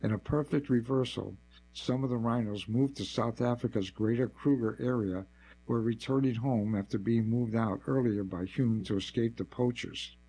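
A man narrating a nonfiction article as scripted narration, with a measured, even delivery. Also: medium pitch, rough recording.

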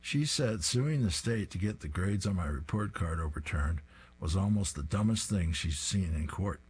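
A man's voice: deep voice, animated, moderate pace, slightly rough. A man reading a feisty little girl. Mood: indignant.

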